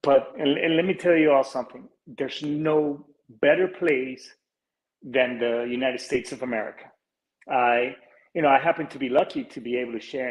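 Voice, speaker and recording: The podcast host, a Colombian-born man in his 40s, speaks at a moderate pace in a mid-range voice with fairly even intonation. His talk is sincere yet meandering, packed with fillers, restarts and casual swearing. Audio quality is poor.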